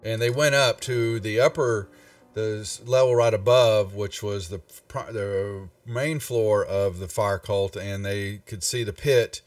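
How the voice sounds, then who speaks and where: A man, the game master, describing the scene in a tabletop game, halting and full of ums and restarts. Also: on the low side, fairly even intonation, no echo, distant mic.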